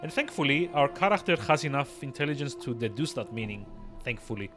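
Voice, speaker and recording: A man's voice: mid-range voice, animated, fairly quick, a bit bright, soft background music. A man giving rambling live let's-play commentary, full of fillers. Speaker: streamer.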